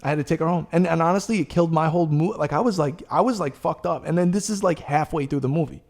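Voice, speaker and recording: A male podcast host with a voice pitched a little higher than most men's. He talks in loose, casual chat, rambling through his story with plenty of swearing and lively, animated delivery. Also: fast.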